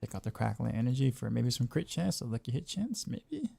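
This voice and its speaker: A man's voice: medium pitch, animated, fast, creaky, warm tone, slightly rough, no room sound. A man casually commenting on his game as he streams, rambling and often restarting his sentences. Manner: rambling, repeats words, laughs easily. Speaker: game streamer and music teacher.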